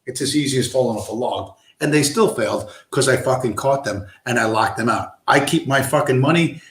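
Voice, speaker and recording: A man's voice: medium pitch, brisk, a bit bright, roomy sound. Man ranting with constant swearing. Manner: profane, heated, blunt. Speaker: livestream host. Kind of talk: ranting livestream monologue.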